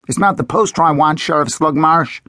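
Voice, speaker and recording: A man voicing an earnest teenage elf boy in an audiobook, trying hard to keep his voice steady. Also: a little high, a little fast, no echo, clean studio sound, voice pushed up. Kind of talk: audiobook character voice.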